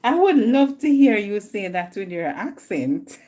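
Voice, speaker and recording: Slow-talking Jamaican woman on a live stream. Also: mid-range voice, very animated, dark tone. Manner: chatty, laughs often, addresses viewers directly. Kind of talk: casual live-stream chat with viewers. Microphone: phone.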